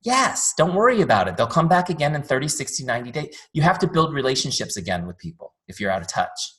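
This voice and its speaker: A middle-aged man giving a live sales training, chatty and animated, telling stories with jokey asides to a group. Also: a little high, quick pace. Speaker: trainer and company founder.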